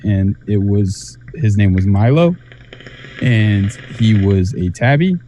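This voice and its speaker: A man with a fairly low, warm voice chatting as a guest on a live show. He rambles through his stories with many fillers. A faint noise sits under his voice. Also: lively intonation, slow pace, muffled recording. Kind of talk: casual chat.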